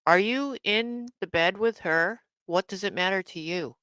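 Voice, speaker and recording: A woman streamer reacts in indignant, repetitive commentary, her voice forceful and sharp. Her tone is smooth and clear. The sound is dry and close. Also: mid-range voice, measured pace, no echo. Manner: indignant, repeats herself, swears. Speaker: livestream host.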